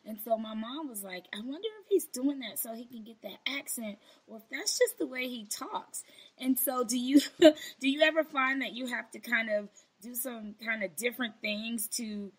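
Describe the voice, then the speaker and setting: A woman's voice: fairly high pitch, moderate pace, slightly rough, low-quality recording. A woman hosting an interview, chatty and affirming with her guest. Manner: chatty, laughs along, affirming. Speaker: podcast host. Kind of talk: casual interview chat.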